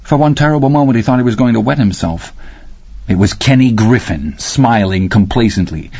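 A man narrating a story in a measured, even way. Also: mid-range voice, breathy edge, no echo, muffled recording. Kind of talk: audiobook narration.

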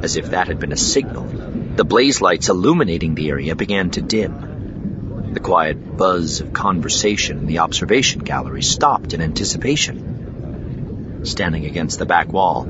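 Deep-voiced male audiobook narrator. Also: muffled recording, background noise. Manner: steady, measured reading.

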